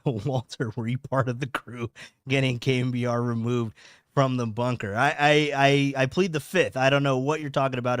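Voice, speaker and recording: On a home streaming setup, a young man hosts a casual podcast livestream, meandering, repeating himself and reading chat comments out loud. His voice is smooth and medium-pitched, recorded dry at studio quality.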